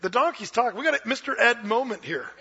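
A high, very bright male voice, a pastor delivering a sermon in an animated storytelling way, jumping into little character voices. The recording is dull and lo-fi, like an older church tape. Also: fast, slightly rough.

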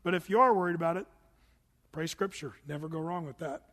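Middle-aged male pastor, high-pitched, lively sermon storyteller who acts out voices, large reverberant church hall. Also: quick pace.

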